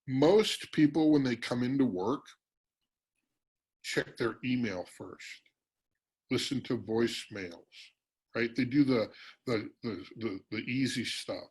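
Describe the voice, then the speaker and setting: A man presenting a business workshop in a virtual meeting, energetic and teasing, calling on audience members by name. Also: mid-range voice, takes it slowly, pauses often, slightly rough, poor audio.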